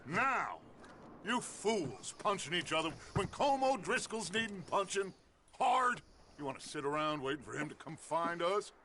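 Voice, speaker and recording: A man's voice: high-pitched, big pitch swings, moderate pace, heavily acted. A man voicing a commanding, theatrical middle-aged outlaw gang leader in a western video game. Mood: angry. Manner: forceful, theatrical orator. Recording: game audio with horses and wind.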